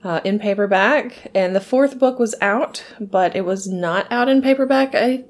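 A woman's voice: medium pitch, moderate pace. A woman co-hosting a casual podcast chat, rambling, often correcting herself and laughing. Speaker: podcast co-host.

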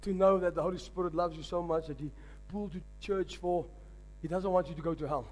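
A man's voice: high-pitched, fairly even intonation, fast, darkish tone. A man preaching a sermon, telling stories with emphatic delivery. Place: large church hall. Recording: long hall reverb with faint music.

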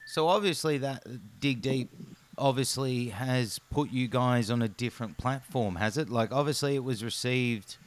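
A man's voice: mid-range voice, normal speed. A man hosting a podcast interview, asking long, run-on questions with many ums. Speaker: podcast host. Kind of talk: casual interview.

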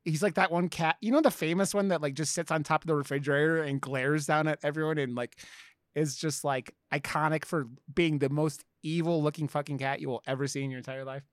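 A man co-hosting a podcast in casual chat, excitable, swearing and laughing as he talks. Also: fairly high pitch, fairly quick, dry recording, clean studio sound. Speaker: podcast co-host.

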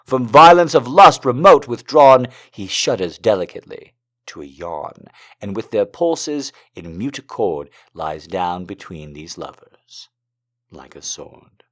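A man reading poems aloud and joking between them, moving from slow dramatic recitation to fast, excited, profane banter. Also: fairly low pitch. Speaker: poetry reader. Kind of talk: casual poetry reading with commentary.

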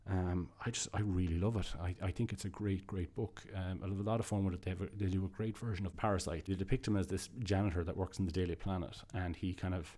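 In a warm, low-pitched voice, a man hosting a comics podcast rattles off an enthusiastic, casual review at a quick pace with hardly any pauses. His intonation stays fairly even while he rambles, restarts sentences and uses plenty of fillers.

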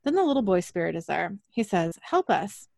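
A woman co-hosting a podcast, briskly recapping a show's scenes and reading the dialogue aloud, laughing often. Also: on the low side, big pitch swings, vocal fry, darkish tone, dry recording, clean studio sound. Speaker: podcast co-host recapping episodes. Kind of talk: casual recap with read-out dialogue.

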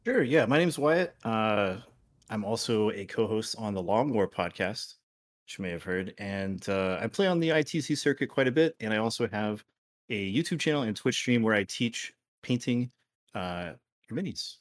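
A man talking as a guest on a casual podcast, relaxed, often trailing off quietly. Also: lowish voice, moderate pace.

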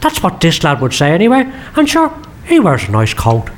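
A man's voice: fairly high pitch, wildly swooping pitch, normal speed, slight background noise. A man playing a sly, swearing detective, teasing in a comedy sketch. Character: cheeky, foul-mouthed detective, sly mischief-maker.

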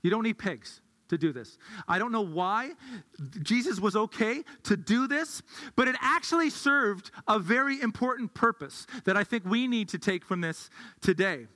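A man's voice: high voice, expressive, moderate pace, pushed and bright. A male pastor giving a sermon in a conversational way, thinking aloud with restarts, heard in an echoey hall.

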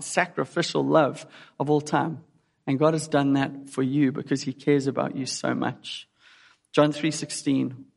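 A man's voice: a little high, creaky. A man preaching a sermon in an earnest way, putting direct questions to his listeners. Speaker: pastor. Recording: long hall reverb.

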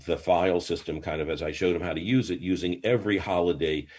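Interviewed on a podcast, this elderly rabbi tells lively stories, often stumbling over restarts. He talks quickly in a low register.

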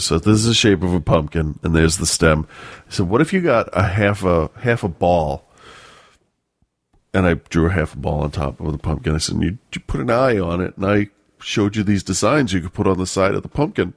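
Deep voiced guy rambling and swearing on a podcast, dry sound. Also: dry recording. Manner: rambling, profane storytelling. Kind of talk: casual chat.

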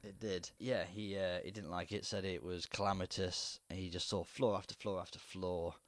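A man's voice: deep voice, fairly even intonation, moderate pace, no room sound, studio quality. A man co-hosting a casual film chat in an easygoing, thoughtful way. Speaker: podcast co-host.

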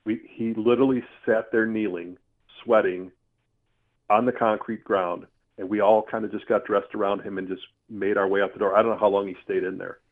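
A man telling a personal story in a casual, earthy, animated way, with mild swearing. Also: on the low side, brisk. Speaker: storyteller guest. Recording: tinny phone-line sound.

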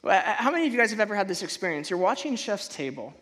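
A man preaching a sermon in a conversational way, stumbling and restarting often, then bursting out loudly when he acts out a feeling. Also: high-pitched, fast talker. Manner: animated, conversational, frequent restarts and stammers. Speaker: pastor.

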